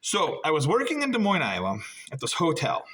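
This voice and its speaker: A middle-aged man doing stand-up storytelling, jumping high in pitch when he acts out dialogue. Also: brisk, slightly rough. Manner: animated, jumps high when acting out dialogue. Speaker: stand-up comedian.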